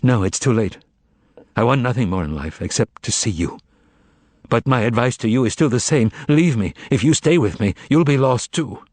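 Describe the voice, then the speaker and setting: A man's voice: mid-range voice, lively intonation, moderate pace, a little mellow, no room sound, lightly acted. A man reading a weary, tender male writer.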